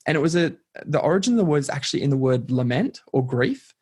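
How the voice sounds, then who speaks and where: A man's voice: a little high, big pitch swings, quick pace, a little mellow, husky. Man, podcast guest, earnest and reflective, conversational. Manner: reflective, earnest, lots of "like" and "kind of". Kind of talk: casual conversation.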